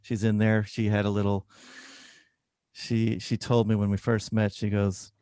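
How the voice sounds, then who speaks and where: A man, an oncologist, telling a personal story in an interview, animated and acting out dialogue. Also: lowish voice, measured pace, clean tone, no echo, studio quality. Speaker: oncologist, guest.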